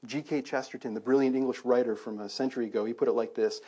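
A man, around his thirties, preaching a sermon in a conversational, animated way, full of rhetorical questions. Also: mid-range voice, quick pace, husky. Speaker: pastor.

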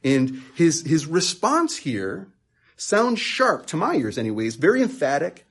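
A man's voice: fairly high pitch, huge pitch swings, a little slow, slightly rough. A man preaching a conversational sermon, earnest and emphatic, repeating words as he thinks aloud and rising into passionate peaks.

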